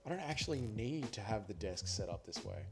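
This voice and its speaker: Tipsy, rambling livestream host. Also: male voice, on the low side, expressive, brisk, gravelly, over music. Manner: loose, rambling, swearing, jokey. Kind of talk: casual livestream chat.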